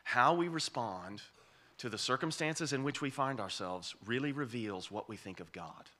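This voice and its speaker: Bright-voiced emphatic male preacher. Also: mid-range voice, expressive, moderate pace. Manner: emphatic, repeats key phrases for weight. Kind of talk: expository sermon.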